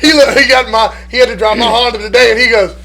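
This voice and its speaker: A man telling animated, profane stories in a casual chat. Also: extremely high pitch, quick pace, over music. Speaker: podcast participant telling stories.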